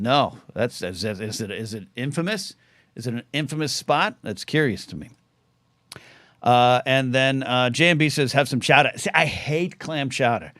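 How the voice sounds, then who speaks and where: A man's voice: medium pitch, fairly bright tone, no echo. A man hosting a live call-in talk show, rambling casually and often restarting his sentences. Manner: rambling, self-interrupting. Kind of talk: casual livestream chat.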